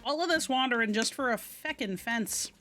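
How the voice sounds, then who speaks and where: A woman streams a game live, chatting loosely and muttering to herself between moves. Her voice sits a little high and sounds bright and crisp, with faint music playing behind her. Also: lively intonation, normal speed. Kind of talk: casual game-streaming commentary.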